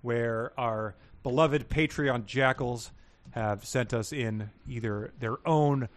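A man's voice: mid-range voice, a bit bright. A man co-hosting a podcast, chatting casually and reading book passages aloud with laughing asides. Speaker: podcast co-host.

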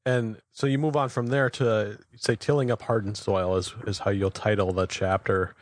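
Low voiced host guy, quick agreeing, jokey asides, no room sound. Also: steady tone, no echo. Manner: brief, affirming, joking asides. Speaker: interview host. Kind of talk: casual interview.

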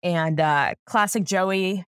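A woman's voice: fairly low pitch, slow, a bit bright, smooth, no room sound, studio quality. A young woman co-hosting a casual recap chat, laughing often and acting out quotes as she retells scenes. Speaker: podcast co-host.

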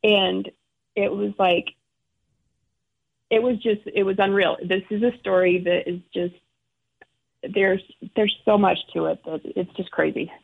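A middle-aged woman, a guest, telling an emotional personal story in halting, restarting speech. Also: medium pitch, steady tone, gravelly. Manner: halting, restarts often, acts out quoted relatives. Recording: phone-like narrow sound.

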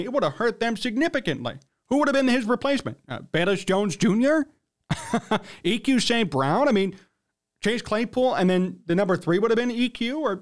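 A man hosting a sports talk show, giving a blunt, emphatic opinion monologue. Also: sits high. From United States.

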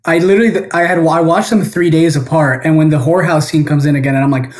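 A man's voice: fairly high pitch, steady tone, quick pace. A man calling in as a guest to chat about a film, rambling with lots of fillers. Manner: rambling, heavy use of fillers. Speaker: guest caller. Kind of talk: casual film discussion. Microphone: phone or remote call.

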